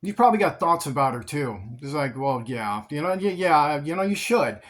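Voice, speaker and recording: A man's voice: fairly high pitch, animated, normal speed, natural voice. A man doing a sly fallen-angel tempter. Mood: coaxing. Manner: coaxing, dismissive, casual.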